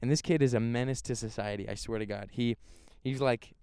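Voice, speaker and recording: A young man co-hosting a podcast, telling stories with loud high-pitched impressions of other people. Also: brisk, creaky, smooth, no room sound, clean studio sound. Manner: animated storyteller, yells high when quoting people. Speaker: podcast co-host. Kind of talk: casual chat.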